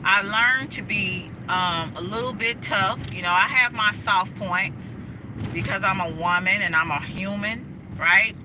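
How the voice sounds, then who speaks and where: A woman's voice: mid-range voice, unhurried, noisy background. An outspoken woman, chatting to her livestream viewers while she drives. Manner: outspoken, emphatic, talks to her chat. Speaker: livestream host. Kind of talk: casual motivational livestream chat. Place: inside a car while driving.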